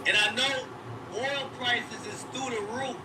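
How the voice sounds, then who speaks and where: A man with a very high voice cracks teasing jokes on a livestream. He sounds far from the mic in an echoey space, with clear background noise in the stream audio. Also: steady tone, a little slow. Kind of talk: joking livestream commentary.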